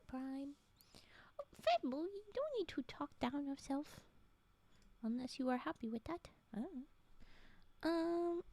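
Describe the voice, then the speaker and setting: A woman chatting on her live stream between stories, rambling and giggly, often slipping into soft whispers. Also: high-pitched. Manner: giggly, gushing. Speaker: streamer and story reader. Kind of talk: casual live-stream chat.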